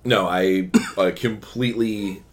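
A man co-hosting a casual podcast chat, animated and quick to put on goofy voices. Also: lowish voice. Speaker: podcast co-host.

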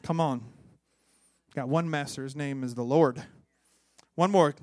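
A man, a pastor preaching a sermon with call-and-response, moving between loud exhortation and hushed tones. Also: a little high, animated, normal speed, pauses often, dry recording, studio quality. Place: church.

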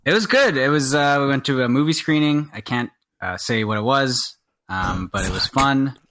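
A man's voice: medium pitch, normal speed, fairly bright tone. A man co-hosting a podcast, talking in a sheepish, self-deprecating way during a casual chat. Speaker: podcast co-host.

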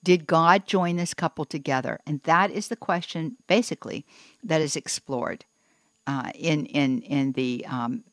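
A woman hosting a Catholic call-in radio show from her home study, explaining church teaching with frequent pauses and restarts. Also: low-pitched, no echo, clean studio sound. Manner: teaching, many fillers and restarts. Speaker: radio host.

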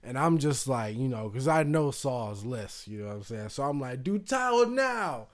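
A man's voice: mid-range voice, moderate pace. A man hosting a podcast, telling a casual story loosely with lots of fillers and swearing, acting out other people's voices. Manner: loose, profane, full of fillers, acts out voices. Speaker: podcast host.

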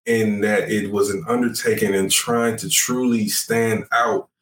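A man's voice: lowish voice, steady tone, unhurried, fairly bright tone. A man chatting casually about movies as a podcast co-host, enthusiastic and rambling, with lots of fillers. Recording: echoey room with faint noise.

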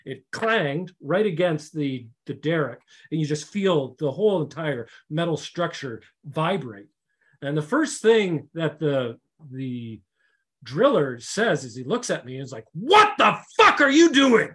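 A man's voice: on the high side, lively intonation, unhurried, slightly rough. A middle-aged man, a safety consultant, earnestly telling a story in casual conversation, with many restarts and fillers.

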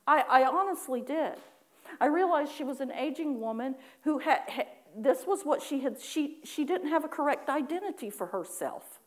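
Woman telling a church testimony, acts out her prayers, laughs a lot, kinda high voice. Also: moderate pace. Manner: animated storytelling, acting out her own prayers with laughing asides. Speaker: preacher. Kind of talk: sermon testimony.

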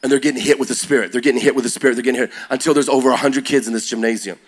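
A man preaching to young people, telling stories with rising energy and shifting to a slow, quiet prayer. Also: medium pitch. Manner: energetic, builds to loud excited peaks; slow and quiet when praying. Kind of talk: sermon storytelling.

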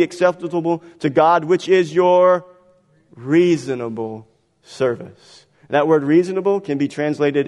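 A slightly high-voiced man preaches to a congregation, his words ringing with long reverb through a church sanctuary. He moves between quiet, slow phrases and loud, pushing ones. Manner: dynamic preaching, swinging between soft and loud. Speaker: pastor. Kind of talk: sermon.

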